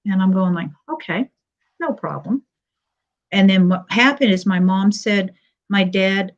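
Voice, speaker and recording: Older woman, muffled lo-fi stream. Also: mid-range voice. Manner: halting, frequent pauses and fillers, retelling with quoted dialogue. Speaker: panel guest sharing her story. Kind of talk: personal testimony on a live stream.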